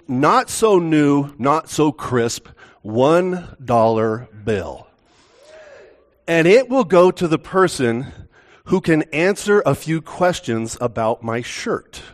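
A male pastor speaking unhurriedly in a church, with a relaxed, joking, conversational manner. He banters with the congregation at a measured, slow pace. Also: medium pitch.

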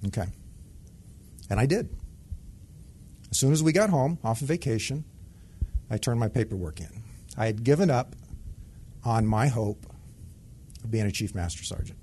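A man's voice: medium pitch, expressive, moderate pace, long pauses, warm tone. Man, ex-Air Force, conversational testimony, mid-range voice, faint hum behind. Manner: conversational storytelling that acts out dialogue. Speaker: retired Air Force sergeant giving testimony. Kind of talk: personal testimony.

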